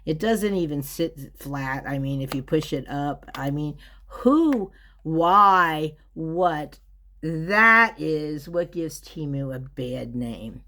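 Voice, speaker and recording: A woman's voice: low-pitched, lively intonation, slow pace, hardly any pauses, sharp tone, slight background noise. A woman vlogging from home, giving a chatty, rambling product review, often breaking off mid-sentence and chuckling.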